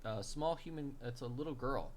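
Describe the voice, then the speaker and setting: A man narrating a tabletop game as game master, relaxed and full of fillers. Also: mid-range voice, moderate pace, noisy background.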